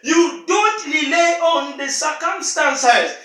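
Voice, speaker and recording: A man preaching a sermon, emphatic and repetitive, often shouting his points, recorded in an echoey room away from the mic. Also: extremely high pitch, animated, slow pace, far from the mic.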